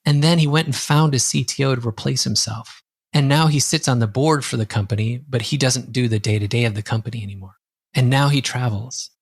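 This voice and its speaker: Lively storytelling man, dry close sound. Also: medium pitch, brisk, husky, no echo. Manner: lively, acts out quoted dialogue. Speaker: coach and guest. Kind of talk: conversational storytelling.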